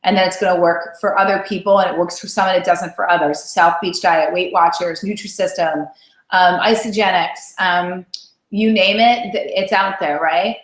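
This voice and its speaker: Her voice sits fairly low and holds a steady tone at a normal speed as she coaches a live motivational weight-loss call. Friendly and encouraging, she repeatedly checks in with a quick "right?". Echo from the room is noticeable in the recording.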